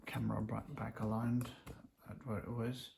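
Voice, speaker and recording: A man's voice: fairly low pitch, flat delivery, normal speed, gravelly. A man casually unboxing a gadget, rambling with many fillers as he reads the specs off the box aloud. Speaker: unboxing vlogger. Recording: noisy home recording.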